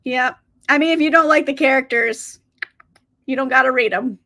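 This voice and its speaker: A woman with a high voice hosts a live reading stream and chats easily with her viewers. She laughs often and talks loosely, with an occasional swear. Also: normal speed, bright, forceful tone. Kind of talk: casual chat to live viewers.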